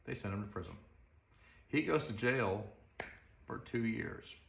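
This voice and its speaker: A man's voice: lowish voice, measured pace, creaky, fairly bright tone, slight background noise. A male preacher retelling a story in a conversational sermon, full of rhetorical questions. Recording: roomy echo.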